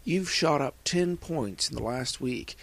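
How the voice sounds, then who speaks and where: A man voicing a brisk, businesslike adult woman scientist in a fan fiction reading. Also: medium pitch, expressive, creaky, fairly bright tone, no echo, exaggerated voice.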